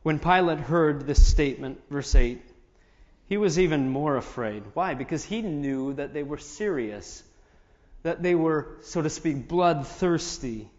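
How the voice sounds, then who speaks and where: Speaking at a measured pace, this man has a slightly high, somewhat mellow voice. He preaches as a pastor, reading verses aloud and adding explanatory asides between them, in a large hall whose long reverb muffles the dull audio.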